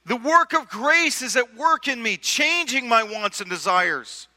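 This male pastor preaches in an unhurried, animated way with few pauses, his high voice very bright and ringing. The sermon feels casual and conversational, full of rhetorical questions and repetition. Each phrase fades into a long reverb in the large hall.

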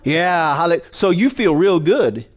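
Male pastor, sermon delivery, animated, playful, pitch swinging widely. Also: moderate pace. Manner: animated, joking, call-and-response with congregation.

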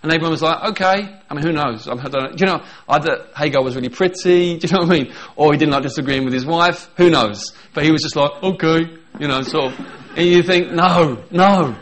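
A man preaching a sermon, animated, acting out little quoted voices and laughing often as he talks. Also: fairly high pitch, fast, hardly any pauses.

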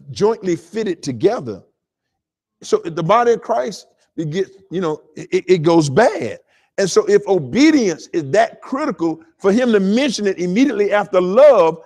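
A male pastor preaching in a high, very lively voice. He draws the congregation into call-and-response and piles up repeated words for emphasis. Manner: stammering repetitions while building emphasis. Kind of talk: sermon.

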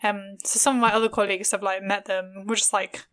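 A young woman co-hosting a casual podcast chat, talking quickly with lots of "like" fillers and asides. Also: mid-range voice, little pitch movement, a bit bright. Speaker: podcast co-host.

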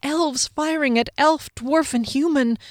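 Woman reading as a frazzled male elf leader in an audiobook, tense and pleading, smooth clear voice. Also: a little high, big pitch swings, takes it slowly, dry recording, studio quality. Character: harried young male wood elf leader. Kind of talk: audiobook character voice.

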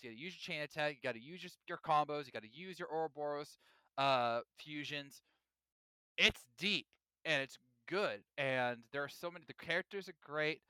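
A man co-hosting a casual gaming podcast, talking in an animated, jokey way with lots of self-corrections. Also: on the high side, smooth, no room sound. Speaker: podcast co-host.

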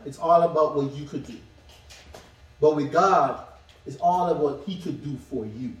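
A man preaching and reading scripture aloud slowly, pausing between phrases. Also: fairly high pitch, dull audio. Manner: slow, deliberate reading with pauses between phrases. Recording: echoey room, mic far off.

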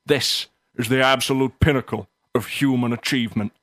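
A man's voice: medium pitch, steady tone, normal speed, fairly bright tone, dry recording, clean studio sound, natural voice. A man playing a smug, solemn secret agent.

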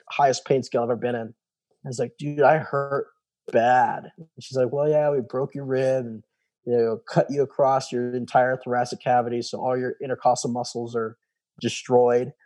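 A young man with a darkish, medium-pitched voice tells his story as a guest at a normal speed and in a steady tone. His delivery is loose and wandering, and he recounts exchanges with "he's like." No room sound is present.

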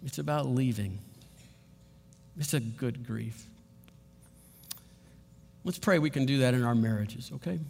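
A man's voice: mid-range voice, measured pace, creaky, long pauses, a little mellow, long reverb tail. A middle-aged man preaching a sermon, telling a heartfelt family story with repeated phrases, then leading a prayer. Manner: personal storytelling, emotional, repeats himself. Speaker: pastor.

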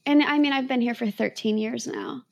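Gravelly-voiced woman telling a personal story. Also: on the high side, normal speed, highs cut off. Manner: earnest, rambling, restarts often, laughs at herself. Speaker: podcast guest, author.

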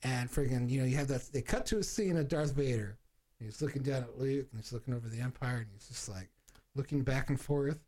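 A man's voice: mid-range voice, brisk. A man co-hosting a podcast, chatting casually and animatedly, swearing often and acting out lines as he retells a story. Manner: animated, profane storytelling, acts out movie lines. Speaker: podcast co-host. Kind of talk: casual chat.

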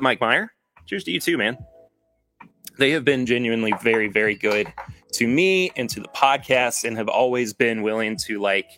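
A podcast host with a fairly low, sharp-toned voice talks casually to his live audience. He admits he's tired, wanders off track, and keeps correcting himself.

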